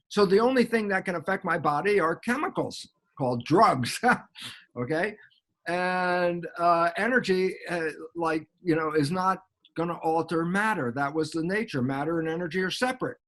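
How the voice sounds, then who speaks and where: An older man explaining science in a lively lecture style, quoting sources and acting out both sides of an imagined dialogue. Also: high voice, moderate pace. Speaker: guest biologist.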